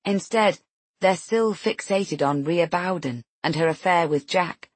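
Woman, low husky voice, first-person audiobook narration, tense, dry close mic. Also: a little slow, no echo. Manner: tense, introspective.

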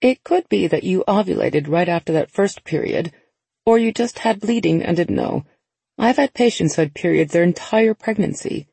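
A woman narrator voicing a calm, reassuring woman doctor in a matter-of-fact manner. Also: fairly low pitch, normal speed, gravelly, slightly rough, no echo, heavily acted.

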